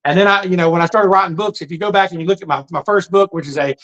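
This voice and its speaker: A middle-aged man tells his life story in a high voice. He talks fast and plainly, with an earnest, folksy manner. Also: fairly bright tone, dull audio. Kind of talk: casual storytelling monologue.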